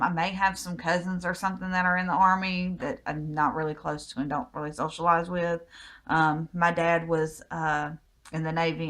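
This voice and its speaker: A Southern American woman with a fairly low voice chats through a personal question list in a home vlog. Her answers ramble easily and are full of little ums. It sounds relaxed and unscripted. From United States. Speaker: vlogger. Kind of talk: casual Q&A vlog.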